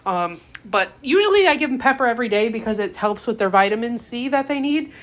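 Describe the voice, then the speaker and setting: A woman's voice: a little high, animated, a little fast, a bit bright. A young woman chatting casually while cooking in her home kitchen, rambling and self-deprecating as she drifts off topic. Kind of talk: casual cooking vlog chat.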